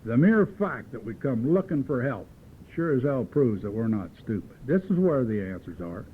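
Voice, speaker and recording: A man's voice: medium pitch, very animated, moderate pace. Folksy man telling a recovery story. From Southern California. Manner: folksy, joking, earthy storyteller. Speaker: AA meeting speaker. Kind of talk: recovery talk at a meeting, storytelling. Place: meeting room at a podium. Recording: old phone-like tape with faint hiss.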